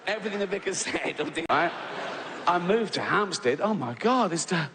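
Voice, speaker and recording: A man's voice: high-pitched, animated, moderate pace. Man doing stand-up in a hall. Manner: storytelling with frequent "right?" tags and laughs. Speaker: stand-up comedian. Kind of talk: stand-up comedy set. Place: large theatre on stage. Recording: live hall reverb with audience noise.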